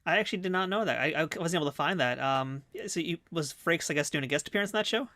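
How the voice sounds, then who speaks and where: A man's voice: on the high side, animated, quick pace, bright, forceful tone, slight background noise. A man hosting a podcast interview, bantering eagerly as a fan. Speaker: podcast host. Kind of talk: casual interview chat.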